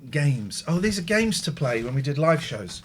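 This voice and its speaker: A man hosting a live show, chatting casually in a playful, teasing way with sudden loud outbursts. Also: on the high side, very animated, moderate pace, breathy edge. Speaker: radio host.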